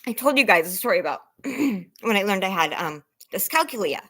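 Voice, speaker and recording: A woman's voice: mid-range voice, animated, a little fast, bright, forceful tone, breathy edge. Rambling self-conscious woman vlogger. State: close to tears. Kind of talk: casual chat to viewers.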